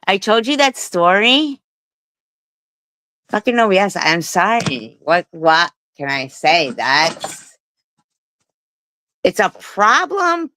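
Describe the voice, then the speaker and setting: A woman's voice: mid-range voice, sing-song, takes it slowly, pauses often, pushed and bright, no echo, poor audio. A middle-aged woman hosting a live stream, telling a rambling story with swearing and laughs. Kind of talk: casual live stream chat.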